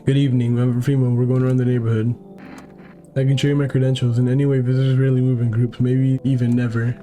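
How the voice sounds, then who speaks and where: A formal government emergency agent in a horror game, read by a man. He speaks calmly and by procedure in a mellow tone, with faint music underneath. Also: medium pitch, quick pace, lightly acted. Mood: official. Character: calm official male emergency agent.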